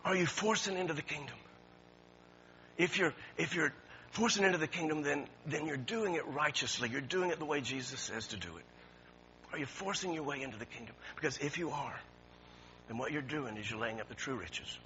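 A pastor preaching a sermon, swinging from quiet talk to shouting and repeating his words. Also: a little high, a little fast, a little hiss or hum. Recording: dull lo-fi recording.

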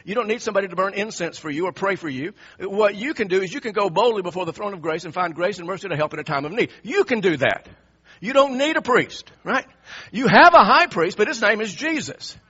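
A man's voice: sits high, expressive, brisk, bright, forceful tone, breathy edge, dull audio. A man preaching a sermon in an emphatic way, often repeating and restarting his phrases.

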